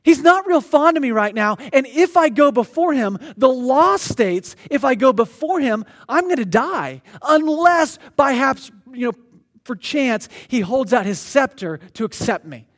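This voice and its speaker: A man's voice: very high-pitched, big pitch swings, a little slow, full character voice. A man voicing an anxious young queen who is afraid for her life, speaking hesitantly and pleadingly. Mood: worried.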